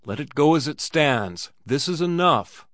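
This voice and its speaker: A nervous gentleman begs for the fighting to end in a raised, anxious voice, as a man reading aloud voices him. The sound is dry and close. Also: a little high, animated, a little slow, no echo, pitched above the performer's own voice. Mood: pleading. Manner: pleading, anxious. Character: nervous young Eastern gentleman.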